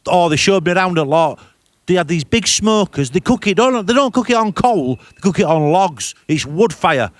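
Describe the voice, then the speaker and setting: A man's voice: high-pitched, lively intonation, normal speed, no echo. A man, telling comic travel stories in a broad, blunt, boastful way with swearing. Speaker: podcast host reporting from abroad. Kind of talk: comic character monologue. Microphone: remote call.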